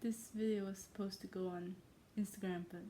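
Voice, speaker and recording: A woman's voice: mid-range voice, fairly even intonation, fairly quick, mellow, a little hiss or hum. A woman from China talking in a self-made accent that blends Irish, American and Chinese sounds, rambling playfully and teasing herself in her own room. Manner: playful, scattered, self-mocking, trails off often. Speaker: vlogger. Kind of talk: casual rambling monologue.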